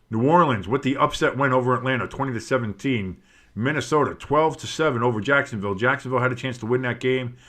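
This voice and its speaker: A man's voice: medium pitch, fairly bright tone. A tired man doing casual play-by-play commentary on a football game from his home setup, breaking off the calls with asides and other scores. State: tired, yawning. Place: home studio with a dog and fireworks outside.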